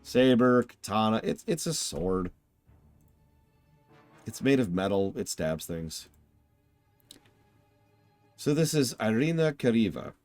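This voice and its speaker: Self-deprecating man, game stream host, lowish voice, animated. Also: slow, long pauses, soft background music. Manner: joking, rambling, self-deprecating. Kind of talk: casual game stream commentary.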